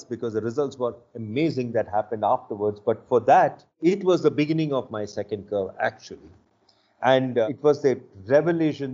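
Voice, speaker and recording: An older man, an executive coach and interview guest, telling stories in a measured, thoughtful way. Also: mid-range voice, mellow. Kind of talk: reflective interview storytelling. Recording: muffled lo-fi audio.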